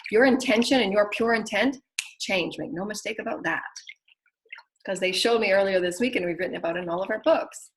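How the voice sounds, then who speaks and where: A woman hosting a spiritual show, urging listeners in an earnest way, repeating phrases and laughing softly. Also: mid-range voice, fairly quick, poor audio. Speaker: spiritual teacher and show host. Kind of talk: spiritual guidance monologue.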